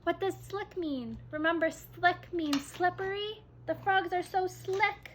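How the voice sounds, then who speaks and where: A woman teaching kindergarten, reading a story aloud in a slow, exaggerated sing-song way and gently encouraging the children. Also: very high-pitched, a little hiss or hum.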